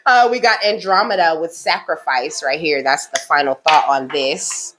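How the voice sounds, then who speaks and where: A woman with a fairly low voice reads oracle cards aloud to her viewers in a relaxed, chatty way. She keeps reassuring them and ends nearly every sentence with a questioning "okay?". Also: normal speed, background noise. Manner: affectionate, reassuring, speaks directly to the viewer. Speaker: spiritual card reader. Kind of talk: casual oracle card reading to camera.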